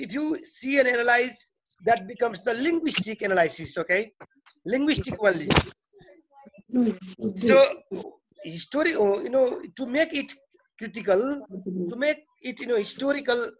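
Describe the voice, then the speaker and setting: A man's voice: extremely high pitch, slight background noise. A man with a Nepali English accent teaching a class, explaining ideas with many restarts and checking in with his students. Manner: repeats and restarts phrases, checks in with "okay?". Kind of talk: classroom lecture.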